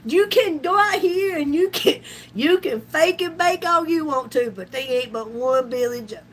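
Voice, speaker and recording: A woman's voice: sits high, moderate pace. A middle-aged woman, chatting on a live stream with folksy slang and frequent laughter. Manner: laughs often, folksy and loud, down-home slang. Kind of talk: casual live-stream chat.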